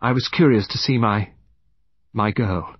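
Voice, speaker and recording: A man's voice: fairly low pitch, a little slow, breathy edge, no room sound. A man voicing a bitter, fierce grey-haired older woman in an audiobook. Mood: bitter confession. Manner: fierce, resentful. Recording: dull dry recording.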